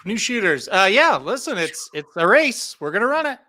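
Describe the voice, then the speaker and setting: A man's voice: high-pitched, very animated, moderate pace, bright, forceful tone. A man co-hosting a podcast, telling stories in a dry, emphatic way. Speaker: podcast co-host. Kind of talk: casual chat.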